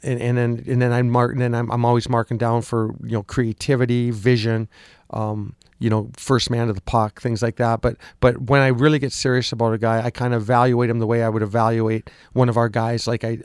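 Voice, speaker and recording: Coach type, slightly hoarse, rambling answers, dry sound. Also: male voice, mid-range voice, dry recording. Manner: rambling, repeats words, frequent ums. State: slightly lost voice. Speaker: hockey coach. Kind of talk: casual radio interview answers.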